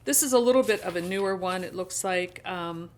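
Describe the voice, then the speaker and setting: A woman's voice: fairly low pitch, a little fast. A woman with an American accent hosting a casual book haul vlog, chatting in a rambling way and reading book blurbs aloud. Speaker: BookTube host.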